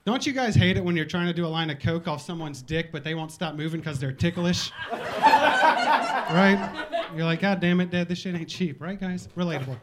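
High-voiced man doing stand-up in a bar. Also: normal speed, heavy background noise. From Virginia. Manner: self-mocking, loose and conversational. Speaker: stand-up comedian. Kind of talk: stand-up set. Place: bar comedy night.

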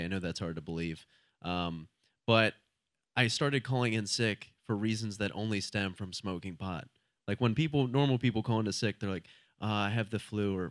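A man's voice: on the low side, a bit bright, dry recording, clean studio sound. A young man performing a stand-up comedy set on a club stage, laid-back and rambling, talking with the crowd between jokes.

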